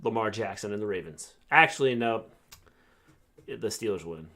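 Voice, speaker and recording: A man's voice: fairly low pitch, animated, moderate pace, sharp tone. Middle-aged guy ribbing his co-host, voice bounces up and down a lot. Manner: teasing, joking banter. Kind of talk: casual livestream chat.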